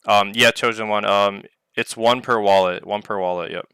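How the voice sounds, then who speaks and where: A man hosts a loose community Q&A over voice chat, drifting through his points with plenty of ums and uhs. His voice is bright and clean. The sound is dry and close, with no room around it. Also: fairly low pitch, fairly even intonation, moderate pace, clear, resonant tone, no room sound. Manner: rambling, heavy on filler words. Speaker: project owner hosting a community Q&A. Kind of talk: casual live voice-chat Q&A. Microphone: online voice chat mic.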